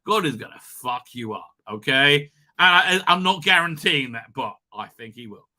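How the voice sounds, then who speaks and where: A man hosting a live stream, talking in a rambling, animated way, swearing and laughing often. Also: on the high side, moderate pace. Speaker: livestream host. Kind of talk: casual live-stream chat.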